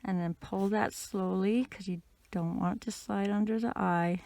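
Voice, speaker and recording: Gentle woman teaching crochet, dry sound. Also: medium pitch, unhurried, no echo. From Canada. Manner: gentle, patient, with fillers like "um". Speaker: crochet instructor. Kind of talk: casual step-by-step tutorial.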